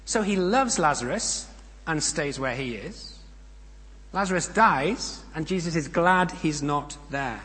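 A man preaching a sermon. He speaks in a measured, emphatic way, with pauses and rhetorical questions. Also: a little high, animated, a bit bright. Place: church. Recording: long reverb of a church hall.

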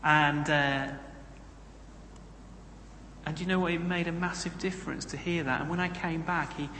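A man's voice: fairly high pitch, fairly even intonation, normal speed, pushed and bright, a little hiss or hum. A man preaching a sermon in a conversational way, with humorous asides. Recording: echoey hall, roomy reverb.

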